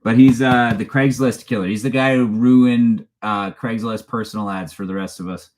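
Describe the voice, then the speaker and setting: A Canadian man who runs a true crime channel hosts a casual live-stream chat, rambling along and laughing often as he reads viewer questions aloud. His voice is medium in pitch and darkish, with a steady tone and a moderate pace.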